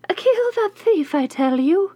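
A woman voicing a furious, scheming witch who shrieks orders and hisses low threats, in a slow storybook reading. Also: huge pitch swings, gravelly, no room sound, highs cut off, exaggerated voice. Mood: shrieking commands. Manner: menacing, shifts between shrill shouts and low hissing threats.

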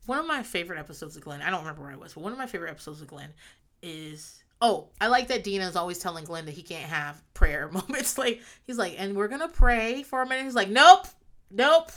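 A young woman talks through her favorite sitcom moments in loose, rambling chat. Her voice is bright and forward, and she slips into quick acted-out lines for the characters. She laughs often and loses her track, then picks it back up. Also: lowish voice, lively intonation. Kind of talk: casual chat recapping a sitcom.

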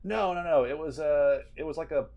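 A man co-hosting a podcast in casual chat, animated and joking, laughing a lot. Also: fairly high pitch, a little fast, vocal fry, dull audio. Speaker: podcast co-host.

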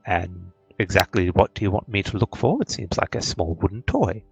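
A man's voice: low-pitched, animated, normal speed, vocal fry, slightly rough, dry recording, faint music behind, exaggerated voice, poor audio. A man voicing a polite, wary male merchant of magic goods who speaks formally and hesitates often. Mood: puzzled. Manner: formal, hesitant, peppered with ums.

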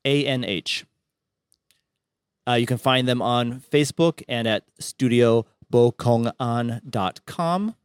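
A man's voice: medium pitch, clear, resonant tone, no echo, clean studio sound. Man hosting a podcast interview. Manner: friendly, spells out names slowly. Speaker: podcast host. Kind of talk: interview wrap-up.

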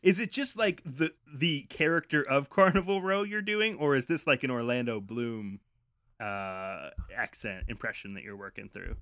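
A man's voice: medium pitch, normal speed, a bit bright, no echo. A man co-hosting a podcast, joking in a dry, wordy way during casual banter. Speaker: podcast co-host.

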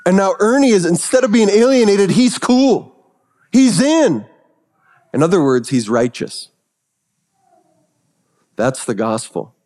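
A male pastor preaching a sermon, telling stories that swing from hushed, reverent passages to excited retellings. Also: sits high, moderate pace, long pauses, in a large hall.

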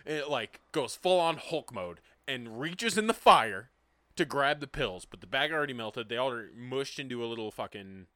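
A man's voice: moderate pace, no room sound. A young man co-hosting a casual podcast, telling a story with lots of swearing and acting out the people in it. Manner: animated, acts out quoted people with big pitch jumps, swears freely.

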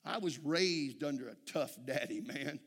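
A man's voice: on the high side, lively intonation, a little slow, fairly bright tone, in a large hall. A man preaching a sermon in a church, telling folksy stories and calling out "amen?" to the congregation. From Texas. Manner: folksy storytelling, frequent "amen?" calls to the congregation. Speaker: pastor.

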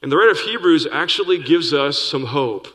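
A man's voice: fairly high pitch, animated, fairly quick, fairly bright tone, in a large hall, low-quality recording. A man pastor preaching a sermon to his church, earnest and conversational with folksy asides. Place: church sanctuary.

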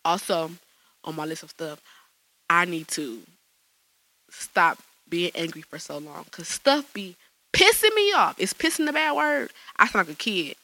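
A woman's voice: fairly low pitch, animated, a little slow, pushed and bright, no room sound, low-quality recording. A woman hosting her own podcast alone in a small studio, chatting casually in slang and laughing often. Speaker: podcast host. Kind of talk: solo podcast chat.

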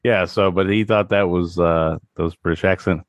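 A man's voice: low-pitched, fairly even intonation, moderate pace, no echo. A man co-hosting a podcast in casual chat, easygoing and self-deprecating as he tells stories. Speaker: podcast co-host.

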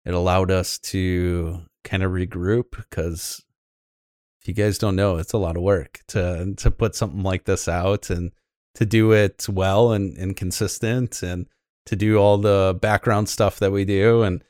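Low-voiced rambling podcast host. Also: male voice, fairly even intonation, measured pace, a little mellow, dry recording, studio quality. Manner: rambling, with many fillers and restarts. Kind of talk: casual podcast chat.

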